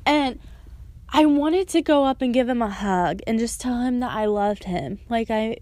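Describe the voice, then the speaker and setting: Warm and fairly high-pitched, this young woman takes her time, recorded with no room echo. She's telling her faith testimony in an earnest, emotional, casual way, leaning heavily on "like" and "and so."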